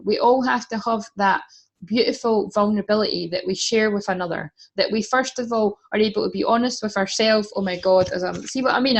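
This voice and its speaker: A woman's voice: mid-range voice, vocal fry. A woman giving a casual tarot reading, chatty, swearing freely and laughing often. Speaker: tarot reader.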